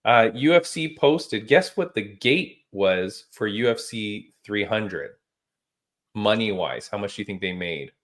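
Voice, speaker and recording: A man hosting a casual podcast chat, telling stories in an animated, emphatic way with casual slang. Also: lowish voice, a little slow. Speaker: podcast host.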